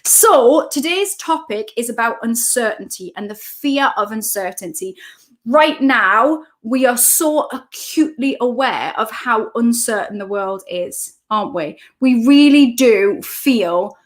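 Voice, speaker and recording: A woman's voice: fairly high pitch, lively intonation, unhurried. A woman, a coach hosting a casual live stream from home, chatting as she greets viewers by name and reads out their comments.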